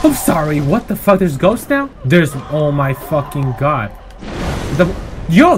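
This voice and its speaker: A man giving profane, jumpy commentary while playing a video game, swinging between yelling outbursts and self-mocking jokes. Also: a little high, very animated, normal speed, soft background music. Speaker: gameplay streamer. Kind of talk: live gameplay commentary.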